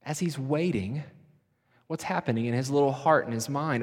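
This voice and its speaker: A middle-aged man preaching a sermon in a church, earnest and slowing down to soften his voice for emphasis. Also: medium pitch, slightly rough. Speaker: pastor. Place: church sanctuary. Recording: long reverb of a large hall.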